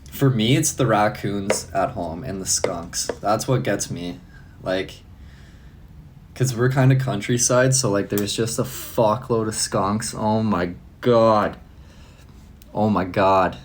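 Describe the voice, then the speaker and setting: A man's voice: lowish voice, slow pace, slight background noise. A young man chatting casually on a live stream, loose and profane, laughing often. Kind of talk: casual live-stream chat answering comments.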